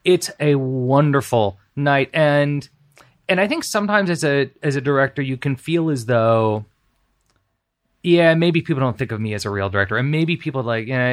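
A man's voice: medium pitch, normal speed. A male guest in a casual chat, speaking earnestly with many fillers and restarts. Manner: earnest, lots of fillers and restarts, warm praise.

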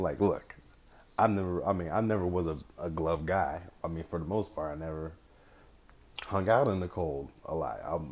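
Man, very low voice, podcast host, casual rambling chat, slangy, swears a lot. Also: darkish tone. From California. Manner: loose, rambling, profane, slangy banter. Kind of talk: casual solo podcast monologue.

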